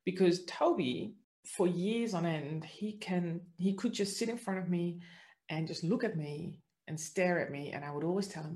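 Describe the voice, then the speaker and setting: Woman, middle-aged, low voice, earnest personal storytelling, reflective. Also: moderate pace. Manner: earnest, reflective, drifts between soft and lively. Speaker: spiritual speaker sharing her story.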